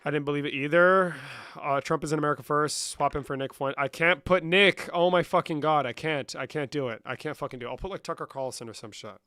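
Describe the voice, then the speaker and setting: A man's voice: on the high side, fast talker, hardly any pauses, pushed and bright, no room sound. Profane young man reading chat. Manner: profane, reads chat aloud and answers. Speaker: streamer. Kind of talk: casual live-stream chat.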